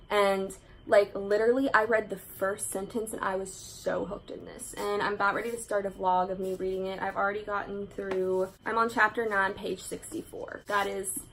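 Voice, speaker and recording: A chatty woman talks through her pile of books in a casual vlog. She speaks eagerly and leans on "like" as a filler, at an ordinary pitch for a woman. A faint background noise runs under her voice. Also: fairly bright tone, poor audio. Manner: chatty and enthusiastic, many "like" fillers. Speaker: book vlogger. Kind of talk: casual book haul chat.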